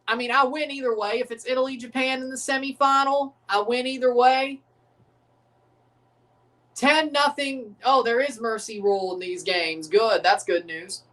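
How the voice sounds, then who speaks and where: A woman riffing through a live sports watchalong, profane and joking, deliberately abrasive. Her speaking voice sits a little high. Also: steady tone, fairly bright tone. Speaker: livestream host.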